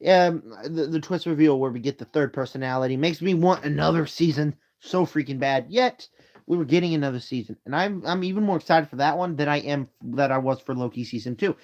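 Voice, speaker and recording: A man hosts a casual live stream from his room, rambling through movie rankings while tired and yawning. His voice sits a little high and comes through dull, lo-fi phone audio. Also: brisk, a little mellow. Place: home room.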